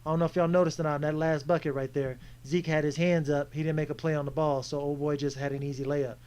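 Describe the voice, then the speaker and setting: A man's voice: fairly high pitch, quick pace, smooth. Frustrated man breaking down game footage. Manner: frustrated, animated coaching critique. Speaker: player breaking down his own game footage. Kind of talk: casual video commentary.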